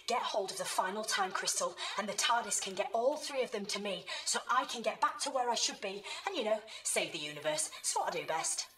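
A woman's voice: high voice, big pitch swings, brisk, gravelly, hardly any pauses, pushed and bright, distant mic, a little hiss or hum, exaggerated voice, low-quality recording. A woman playing a female time-traveling hero in a video game, telling an earnest story and giving urgent warnings. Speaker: game character. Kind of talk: game voice acting. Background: game music.

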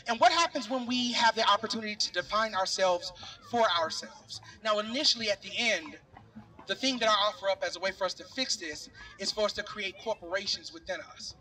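A middle-aged man at an outdoor rally speaks directly and earnestly to the crowd, casually saying "y'all" in his impassioned address. His voice sits high, fairly quick, bright and forceful, and it's picked up from a distance.

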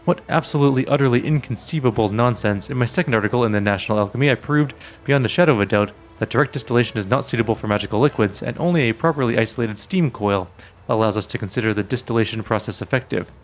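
A man's voice: medium pitch, fast talker, faint music behind, natural voice. A man voicing a vain, peevish male scholar and alchemist in a game, talking in a haughty, lecturing way. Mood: indignant.

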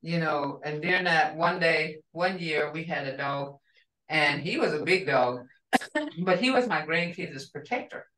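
An older woman teaching a language class, telling a family story in a rambling, warm-hearted way with restarts. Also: deep voice, unhurried, distant mic. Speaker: language instructor. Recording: roomy sound from off the mic.

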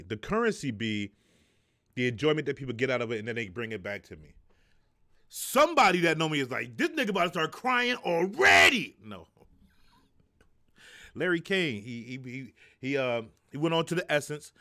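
A middle-aged man hosting a casual live stream, his pitch swinging up and down as he talks. He jokes, curses freely and reads viewers' chat aloud. His voice sits a little high for a man. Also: fairly bright tone. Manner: loose, profane, joking, reads chat aloud. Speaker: live show host.

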